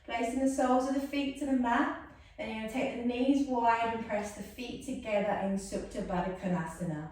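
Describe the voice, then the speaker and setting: A woman's voice: on the high side, fairly quick, a little mellow. A woman guiding a yoga class, soothing and chatty, with self-mocking asides. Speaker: yoga instructor. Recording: echoey room, mic far off.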